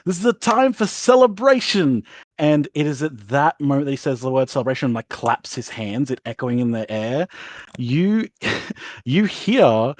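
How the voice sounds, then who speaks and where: A man's voice: medium pitch, animated, normal speed, a little mellow, no room sound. A man narrating as game master of a tabletop role-playing game, rambling with lots of fillers and laughing often.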